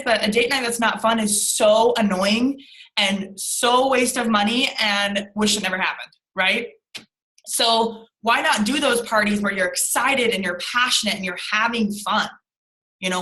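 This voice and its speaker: A woman's voice: mid-range voice, bright, forceful tone, roomy sound, poor audio. A young adult woman leading a motivational team call on a video call, speaking emphatically and repeating lines for stress. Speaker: team leader.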